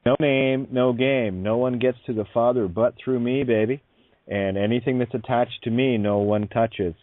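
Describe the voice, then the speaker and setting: A man's voice: medium pitch, fairly even intonation, moderate pace. A man hosting a radio talk show in a casual chat, laughing easily and making sardonic asides. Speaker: radio host. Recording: dry tinny phone line.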